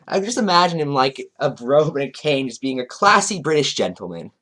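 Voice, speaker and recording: A man's voice: mid-range voice, very animated, brisk, sharp tone. A man doing a commentary vlog, reading chat logs aloud and breaking in with sarcastic, chuckling asides. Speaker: commentary YouTuber.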